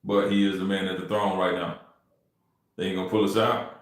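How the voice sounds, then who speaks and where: A deep-voiced Texan livestreams cold calls as a real estate wholesaler from an echoey room at home. His delivery is flat and brisk, and he speaks loosely and directly to the chat in slang.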